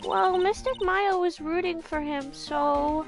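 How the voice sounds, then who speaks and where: A woman's voice: very high-pitched, takes it slowly, gravelly, soft background music, exaggerated voice. A woman voicing a shy, polite little girl with a timid manner. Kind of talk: game voice reading.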